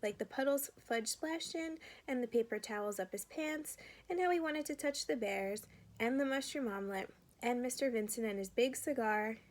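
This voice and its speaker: A woman reads a children's chapter book aloud, the way a teacher shares a story with a class. Her narration is steady and clear, and her voice sits a bit high. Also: normal speed.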